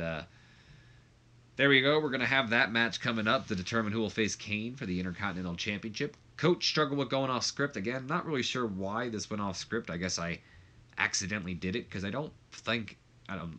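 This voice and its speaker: A man's voice: fairly low pitch, sharp tone. A man giving casual, rambling commentary over a wrestling management game, with many fillers. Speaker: gameplay commentator.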